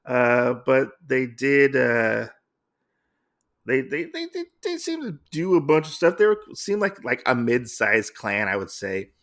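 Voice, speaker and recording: A man's voice: medium pitch, wildly swooping pitch, unhurried, fairly bright tone. A man casually recapping a comic story, rambling with lots of fillers and restarts. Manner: rambling with many fillers and restarts, reads lines in loose voices. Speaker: podcast host recapping a comic.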